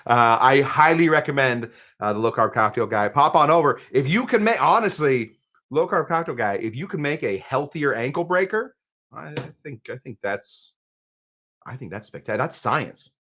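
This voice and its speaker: With a bright, forceful, medium-pitched voice full of big pitch swings, a man speaks at a moderate pace. He's hosting a live cocktail stream, rambling casually between topics, cracking jokes, and reading viewer comments aloud.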